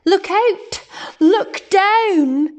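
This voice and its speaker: A soft-hearted young dinosaur who only wants to eat plants, as a woman reads him aloud. He speaks earnestly and a little plaintively, high-pitched and unhurried, with a lot of lift and fall in the voice. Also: animated, exaggerated voice. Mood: urgent. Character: gentle young plant-eating dinosaur, male.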